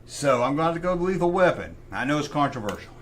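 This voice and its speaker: Fairly high-pitched and fast, a middle-aged man hosts a casual livestream chat with slight background noise. He's animated and opinionated, talking to himself as he works through his choices.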